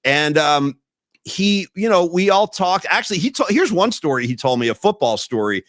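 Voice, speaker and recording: An emphatic male podcast host who tells stories with real animation and leans hard on his points. His voice sits a little high for a man, and the sound is dry and close-miked. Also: very animated, normal speed, fairly bright tone, dry recording. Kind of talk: casual podcast chat.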